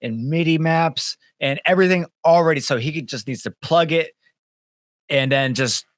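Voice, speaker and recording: Brief: male podcast co-host, somewhat high voice, dry close sound, animated, swears freely. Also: normal speed, no room sound. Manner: animated, swearing, mocks clients in put-on voices. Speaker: podcast co-host, band member. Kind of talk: casual chat. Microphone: webcam.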